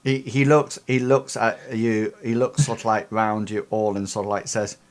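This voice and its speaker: A man narrating a tabletop role-playing game as game master. He talks in a fairly low voice and stops and restarts often as he describes the scene. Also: flat delivery, moderate pace. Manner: hesitant, lots of fillers and restarts.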